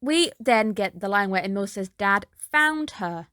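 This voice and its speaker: A woman's voice: medium pitch, expressive, a little slow, sharp tone, clear, resonant tone, dry recording, studio quality. A woman reviewing an anime episode in a casual recap, chatty and dropping skeptical asides.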